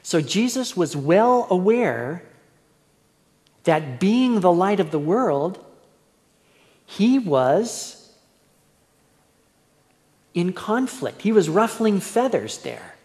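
With a high-sitting, darkish voice, a male pastor speaks extremely slowly and pauses often, yet stays very animated. His verse-by-verse sermon in a church hall is told conversationally, with quoted voices acted out, under long church reverb.

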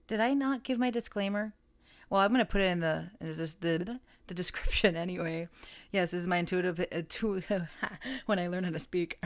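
A woman giving a casual, chatty tarot reading, rambling, self-correcting and often breaking into laughter. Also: on the low side. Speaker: tarot reader.

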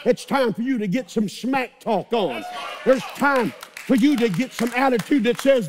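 A male pastor with a strikingly high voice delivers a sermon. He preaches with fire, shouting repeated refrains to rouse the congregation. He sounds middle-aged. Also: expressive, normal speed, slight background noise.

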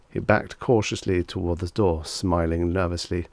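A man with a deep, low voice reads a vintage short story aloud at an even storytelling pace. The sound is dry and close, with no music behind him. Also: normal speed, hardly any pauses, no echo. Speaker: audiobook narrator.

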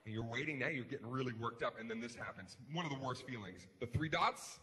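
A man performing a stand-up comedy routine on stage, animated, swinging between hushed mutters and shouted rants. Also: mid-range voice, fast talker. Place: large comedy venue. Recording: live hall with crowd noise. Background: audience laughter.

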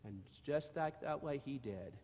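Man reading a children's story, slow, gentle, medium pitch, long church echo. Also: animated. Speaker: church leader giving children's message. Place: church sanctuary.

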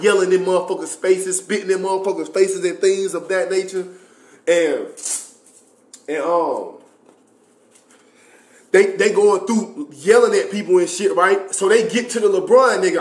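A young man telling a story in a casual, animated, profane way with lots of slang and fillers. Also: high-pitched. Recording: roomy echoey room.

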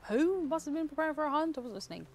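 A woman, a community manager chatting casually while playing a video game, low-key and absorbed in the game. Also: lively intonation, racing, slight background noise. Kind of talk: casual gameplay chat.

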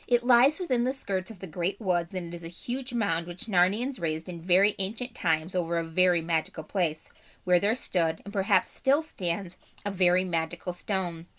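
A woman teacher reading a children's novel aloud, lifting her voice a little for the characters. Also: fairly bright tone. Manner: voices characters with small pitch lifts. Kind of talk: storybook read-aloud for children.

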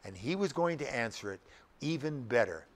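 A man's voice: mid-range voice, lively intonation, normal speed. An older male pastor preaching a sermon, emphatic and often putting rhetorical questions to the congregation.

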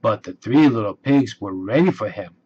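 A man reading a children's storybook aloud, slow and expressive. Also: fairly low pitch, breathy edge. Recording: dull lo-fi recording.

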